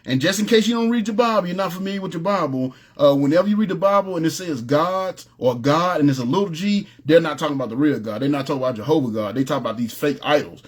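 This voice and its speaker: Casual, slangy preacher man with a higher voice. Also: quick pace, hardly any pauses, slightly rough. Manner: informal, streetwise, repeats "you know what I'm saying". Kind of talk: conversational sermon with storytelling.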